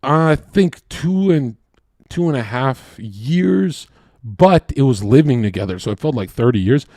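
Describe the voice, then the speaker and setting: A man ranting in a profane, loud debate-stream style, acting out voices as he tells stories. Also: medium pitch, lively intonation, a little slow, no room sound, studio quality. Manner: profane, loud, acts out voices mid-story. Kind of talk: heated rant in a debate stream.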